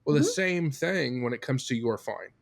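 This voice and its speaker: A man's voice: a little high, normal speed, creaky. A man in his thirties, a therapist, talking casually on a podcast and dropping his voice for quoted asides. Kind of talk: conversational podcast discussion.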